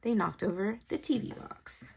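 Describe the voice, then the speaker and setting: A woman's voice: medium pitch, animated, normal speed, gravelly, background noise. A woman, chatting to viewers while decorating a planner and telling a family story. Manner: chatty storytelling, talks to viewers, thinks aloud. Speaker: planner vlogger and mother. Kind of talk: casual chat while decorating.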